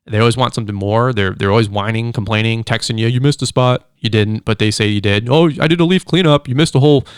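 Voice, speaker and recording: A middle-aged man hosting a casual solo podcast, chatty and animated, acting out quick quoted voices as he tells stories. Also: mid-range voice, clean tone, no room sound, studio quality. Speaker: podcast host, lawn care business owner. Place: studio.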